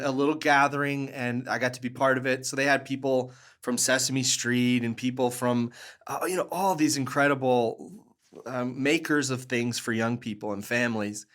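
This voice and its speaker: A man telling stories as a podcast guest, animated and earnest, often laughing and restarting his sentences. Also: mid-range voice. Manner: earnest, warm, with fillers and restarts. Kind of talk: conversational storytelling.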